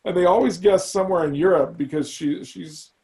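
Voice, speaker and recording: A middle-aged man, a guest in a casual interview, tells long stories in a rambling way and often restarts his sentences. His voice sits a little high for a man. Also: brisk. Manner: rambling, animated storyteller with many restarts. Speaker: guest, animation creator.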